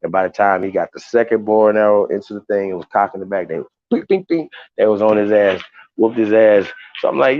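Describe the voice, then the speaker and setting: A man's voice: fairly low pitch, fairly quick. A man hosting a casual livestream, talking to viewers in a heated, profane, rambling way with many restarts. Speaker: livestream host. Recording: dull lo-fi sound.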